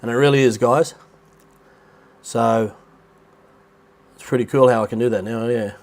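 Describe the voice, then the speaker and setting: A middle-aged Australian man runs a casual livestream from a rented apartment near the beach in Thailand, rambling and chatty and greeting viewers by name. His mid-range voice is steady, a little mellow, and measured in pace, though a blocked nose gives it a nasal quality.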